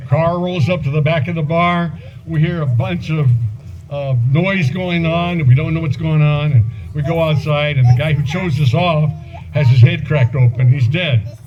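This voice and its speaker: A man's voice: on the high side, normal speed, faint music behind. A man in his seventies giving a eulogy for an old friend at a memorial gathering, rambling through anecdotes with chuckles and fillers. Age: 70s. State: voice breaking with emotion at times. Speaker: eulogy speaker, old friend and former police partner. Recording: muffled event recording with loud background noise.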